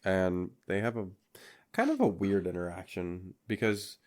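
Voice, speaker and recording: A man's voice: low-pitched, wildly swooping pitch, unhurried. A man co-hosting a podcast, recapping a movie in loose, profane casual chat and laughing often. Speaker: podcast co-host.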